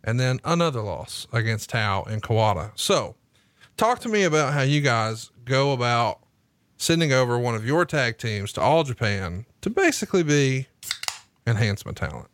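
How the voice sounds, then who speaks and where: A man's voice: medium pitch, big pitch swings, fairly bright tone, dry recording. A man with a Southern US accent hosting a podcast, firing off profane questions in casual chat. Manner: profane, rapid-fire questioning. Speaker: podcast host.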